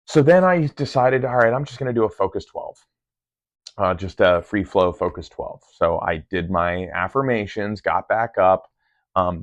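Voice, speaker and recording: A meditation vlogger with a low-pitched voice rambles casually about his meditation sessions in the first person, full of ums and restarts. The recording is dry, dull and lo-fi.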